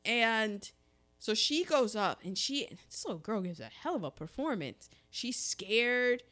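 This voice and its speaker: A woman co-hosts a casual talk show and tells the story with lots of energy. Her voice sits a little high and swings widely as she jumps into each character's lines. Her delivery is loose and chatty. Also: very animated, unhurried, fairly bright tone. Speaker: podcast co-host. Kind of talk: casual chat recapping a film.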